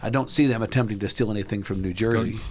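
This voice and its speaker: A man's voice: fairly low pitch, fairly even intonation, fast talker, darkish tone, slight background noise. A man giving wry, opinionated political commentary in a casual podcast chat.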